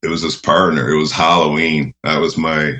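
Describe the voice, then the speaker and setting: A man's voice: a bass voice, level tone, moderate pace, pushed and bright, slight background noise. A man telling rambling, laughing anecdotes in a casual interview. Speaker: radio host guest. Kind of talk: casual storytelling.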